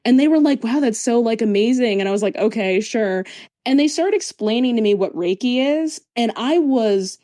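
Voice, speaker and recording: A woman's voice: on the high side, animated, normal speed, mellow, no echo. A woman guest on a podcast, telling a personal story in casual chat, acting out the voices of others and swearing now and then.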